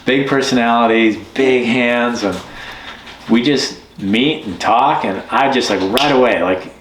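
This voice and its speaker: A man's voice: medium pitch, measured pace, a little hiss or hum. A man, a bush pilot, telling a story in a casual chat and acting out the quotes. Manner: lively retelling with voiced quotes. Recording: roomy echo.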